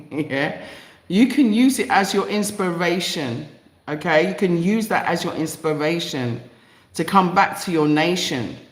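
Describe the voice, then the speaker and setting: A lowish, animated female voice at a measured pace fills an echoey room as an East London woman hosts a live stream in her London accent. She reads viewer comments, greets those in the chat, and repeats phrases with passionate emphasis.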